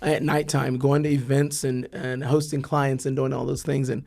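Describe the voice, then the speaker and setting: A man hosting an interview podcast, speaking in a measured, reflective way with frequent ums and uhs. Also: medium pitch, flat delivery, creaky, a little mellow. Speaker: podcast host. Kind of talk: conversational interview.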